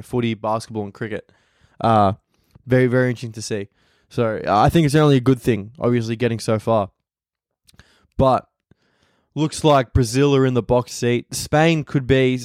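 A man's voice: mid-range voice, a little mellow, clean tone, dry recording, clean studio sound. A man in his twenties with an Australian accent, hosting a casual solo podcast and telling rambling, profane stories. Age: 20s. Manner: profane, rambling storyteller who acts out others' lines. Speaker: podcast host, comedian.

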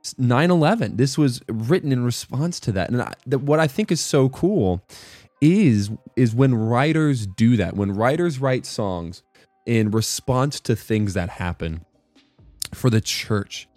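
A man's voice: medium pitch, lively intonation, measured pace, a little mellow, no echo, soft background music. A man giving a casual devotional talk, rambling and correcting himself, often checking in with "right?". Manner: rambling, self-correcting, keeps asking "right?". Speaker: worship music commentator.

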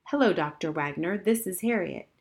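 A woman reading aloud and voicing a gentle, somewhat hesitant mother in a storybook. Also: on the low side, expressive, moderate pace. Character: gentle, awkward middle-aged mother.

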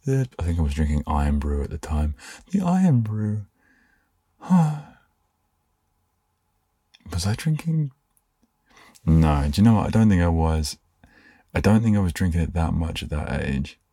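A young man hosting a sleepy podcast, rambling softly and trailing off. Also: extremely low pitch, animated, moderate pace, pauses often, breathy edge, no room sound, clean studio sound. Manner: meandering, soft-spoken, trails off. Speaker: podcast host.

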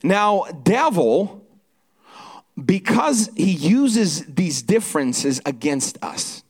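High-pitched guy hyping up a church crowd, lots of repeats and shouts of amen. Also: drawn-out words, husky. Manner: energetic, repeats words, rallies the crowd. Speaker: church worship leader. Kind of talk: church service talk.

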